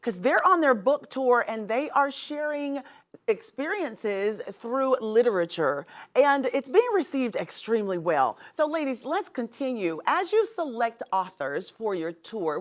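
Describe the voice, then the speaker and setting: A woman's voice: on the high side, very animated, a little slow. A woman hosting a talk show, interviewing guests with frequent affirmations and exclamations.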